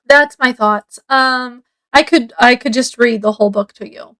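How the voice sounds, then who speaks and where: A woman's voice: a little high, measured pace, a bit bright, poor audio. A woman reviewing a book casually, summarizing the plot in a chatty, meandering way with many fillers.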